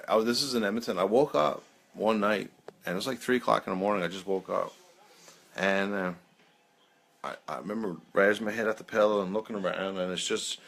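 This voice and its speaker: A man's voice: medium pitch, fairly bright tone. A man in his thirties hosting a peer support live chat, telling rambling personal stories with frequent laughs and lots of "man". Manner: rambling, laughs often, says "man" a lot. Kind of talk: casual storytelling on a live video.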